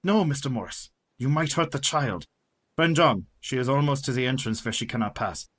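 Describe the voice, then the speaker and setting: An actor playing a resolute, scholarly vampire hunter in a radio play, with a husky, authoritative voice. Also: male voice, mid-range voice, expressive, normal speed, fairly bright tone. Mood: commanding.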